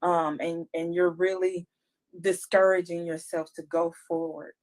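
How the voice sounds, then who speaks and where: A woman's voice: lowish voice, level tone, unhurried, darkish tone. A woman co-hosting a casual podcast chat, speaking candidly and acting out her own self-talk. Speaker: podcast co-host.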